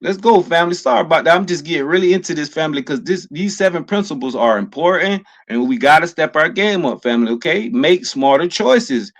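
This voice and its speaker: A man giving a motivational talk, emphatic and repetitive, who keeps addressing listeners as family and gets loud and emotional at times. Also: a little high, animated, a little fast, few pauses. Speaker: motivational vlogger.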